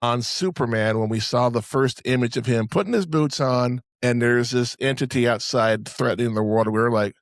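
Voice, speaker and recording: A man's voice: medium pitch, moderate pace, few pauses, dry recording, studio quality. A man hosting a podcast in casual, rambling banter, swearing freely and stumbling over restarts. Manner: rambling, profane, stammers on restarts. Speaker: podcast host.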